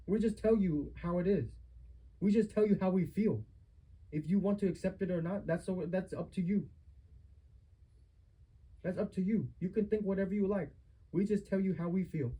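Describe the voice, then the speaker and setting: A man's voice: sits high, dark tone, slightly rough, rough recording. A man giving a family member a heated lecture at home, stern and repetitive as he scolds.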